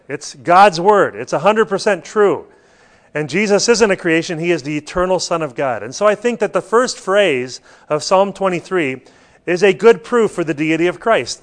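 A man preaching a sermon, stressing points and putting questions to his listeners. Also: sits high. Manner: rhetorical questions to the congregation, emphatic.

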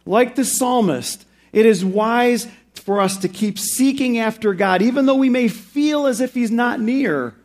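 A male pastor preaching a sermon. He slows and rises in emphasis on key phrases and drops low and quiet for reflective points.

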